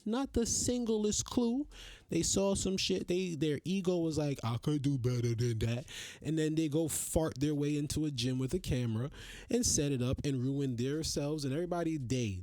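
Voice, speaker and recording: A man's voice: fairly high pitch, mellow, no room sound. A man hosting a podcast, ranting in a casual, profane, exasperated way. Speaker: podcast host. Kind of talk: casual solo rant.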